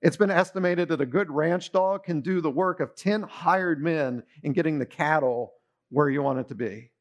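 A man's voice: a little high, normal speed. A middle-aged man preaching a sermon in a conversational way, often putting questions to his listeners. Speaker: pastor.

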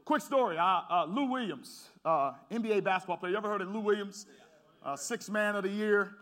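A male pastor preaching a sermon. He moves between quiet storytelling and shouted preaching, repeats words as he builds, and talks straight to his congregation. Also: high-pitched, fairly quick. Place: church.

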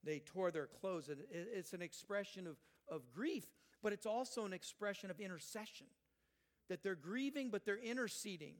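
An older male pastor delivers a sermon in a high-pitched, emphatic voice. He swings between loud, urgent quotations and soft, earnest asides to his congregation. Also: lively intonation, moderate pace. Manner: emphatic, rising loud when quoting, dropping soft for asides.

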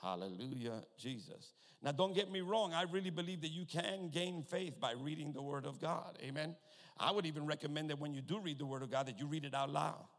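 A man preaching a sermon, peppering his points with hallelujahs and amens, slowing down to stretch key words and swelling to loud emphasis as he asks the congregation if they hear him. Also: fairly high pitch. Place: church sanctuary with long reverb. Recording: long reverb of a church hall.

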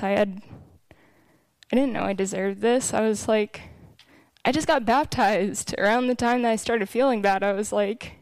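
A woman's voice: medium pitch, normal speed, a little mellow, clear, resonant tone, dry recording. A young woman giving a candid, emotional personal testimony to a church group.

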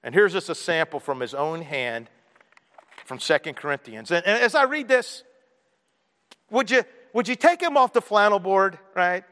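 A man's voice: high-pitched, lively intonation, normal speed, pushed and bright, in a large hall. A man preaching a sermon as a pastor, earnest and conversational, asking the congregation rhetorical questions.

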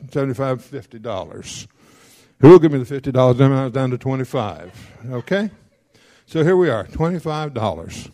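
A man's voice: medium pitch, mellow. Folksy man teaching a money class. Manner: folksy, checks in often with the audience; rattles off figures quickly. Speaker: financial counselor teaching a class. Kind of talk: classroom lecture on debt repayment.

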